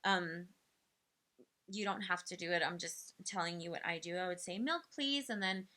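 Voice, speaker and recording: A woman's voice: lowish voice, flat delivery, moderate pace, sharp tone. A young woman casually advising parents on toddler speech, chatty with lots of fillers. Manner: chatty, filler-heavy, acts out playful quotes to children. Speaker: speech development educator. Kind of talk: casual advice talk to parents.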